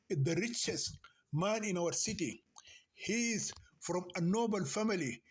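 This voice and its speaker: A man reading the lines of an older aunt in a novel, superstitious, bossy and caring, in a slow and earnest delivery. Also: sits high.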